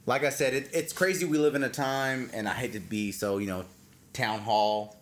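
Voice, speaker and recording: A man's voice: mid-range voice, fairly even intonation, moderate pace. A man co-hosting a casual podcast, telling rambling stories with crude, joking humor. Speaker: podcast co-host.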